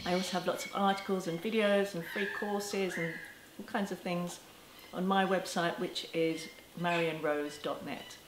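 A woman with a fairly low voice speaks gently and reassuringly, as if teaching parents straight to camera. The room around her is echoey, and a faint ambient hum sits under her voice. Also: steady tone, moderate pace, few pauses. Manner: gentle and reassuring, with soft laughs. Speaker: parenting educator. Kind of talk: talking to camera.

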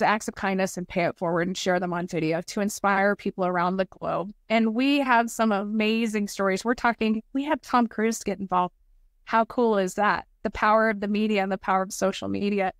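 A woman's voice: mid-range voice, no echo, studio quality. A woman in her forties, a podcast guest and nonprofit founder, telling personal stories in an earnest, heartfelt way and repeating motivational phrases.

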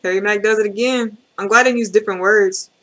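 A woman's voice: medium pitch, fairly even intonation, quick pace, a bit bright. A woman hosting a reaction video, talking casually and chattily with slang and lots of fillers.

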